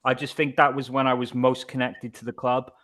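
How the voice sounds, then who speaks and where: A man co-hosting a casual football podcast, talking in a relaxed, reflective way and steering the conversation. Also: medium pitch, fairly quick. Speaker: podcast co-host.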